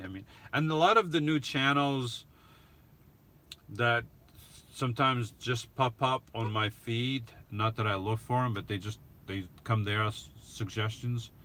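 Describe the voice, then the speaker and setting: A man answering viewers' questions in a casual live stream, talking haltingly with restarts and soft chuckles. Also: lowish voice.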